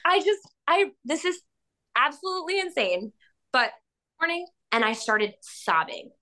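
A woman hosting a podcast, talking in a rambling, animated way with many fillers and frequent laughs. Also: high-pitched, a little slow. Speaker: podcast host. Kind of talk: casual chat.

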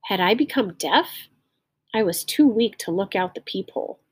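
A woman with a husky, breathy voice reads a simplified story aloud in a close, dry-sounding recording. She stops now and then to explain a phrase in plainer words. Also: medium pitch, lively intonation, normal speed, dry recording.

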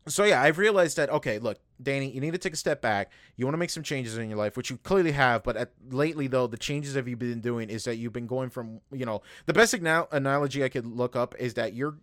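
A man's voice: mid-range voice, fast, few pauses, a bit bright, dry recording, clean studio sound. A young man hosting a podcast, talking in a rambling, profane way with lots of fillers as he vents about his work. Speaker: podcast host. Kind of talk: casual podcast chat.

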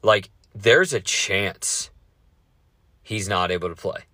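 A man hosting a casual sports podcast, talking fast with lots of swearing and rambling asides. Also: sits low, expressive, pushed and bright, no room sound, studio quality.

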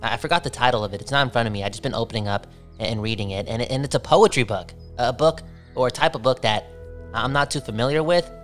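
A man chatting on a phone call, animated and emphatic, tagging his sentences with "okay?". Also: medium pitch, fast talker, faint music behind. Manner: animated, repeats "okay?" a lot. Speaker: caller. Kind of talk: casual phone chat.

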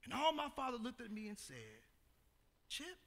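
A man preaching a sermon, telling a story dramatically, shifting between shouts and hushed tones. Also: very high voice, quick pace, vocal fry. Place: church sanctuary. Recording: long hall reverb.

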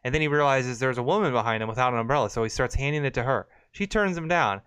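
A man hosting a casual livestream who laughs easily and swears offhandedly. His voice is smooth and clear, with a dry, close sound and no room echo. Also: mid-range voice, lively intonation, quick pace, a bit bright. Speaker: livestream host. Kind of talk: casual chat.

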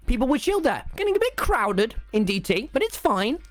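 A man's voice: very high-pitched, big pitch swings, a little fast, no room sound. A teenage boy with a British accent tells a rambling, sarcastic school story while gaming live on stream, full of mock self-pity. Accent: British English.

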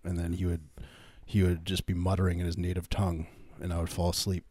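Deadpan guy joking around on a podcast, lowish voice, dry close mic. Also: fast, dry recording. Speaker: podcast co-host. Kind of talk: casual comedic chat.

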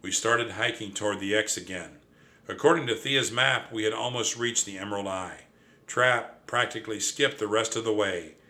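A man narrating a children's adventure story in an expressive, lively reading. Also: fairly low pitch, normal speed. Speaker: audiobook narrator.

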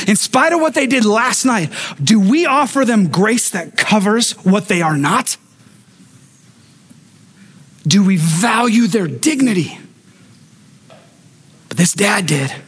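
High-pitched guy pastor preaching, animated storyteller, does little voices for the people he quotes, jokes with the church. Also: husky. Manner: humorous asides to the congregation. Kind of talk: sermon.

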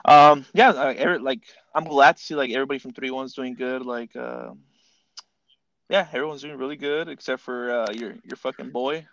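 A man's voice: medium pitch, fairly even intonation, fairly quick, gravelly, fairly bright tone, dry recording. A man chatting casually with an old service buddy, laid-back and profane. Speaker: former service buddy in conversation. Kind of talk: casual chat. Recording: dull lo-fi audio.

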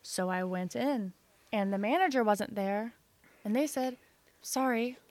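A young woman co-hosting a podcast, chatting casually in a calm, measured way. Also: medium pitch, dry recording. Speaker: podcast co-host. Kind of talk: casual chat.

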